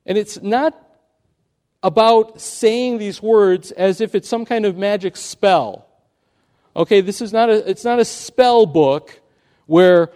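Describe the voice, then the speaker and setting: A man's voice: high voice, slow, darkish tone. A man preaching an earnest sermon, telling a story and pressing his points with rising emphasis. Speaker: pastor.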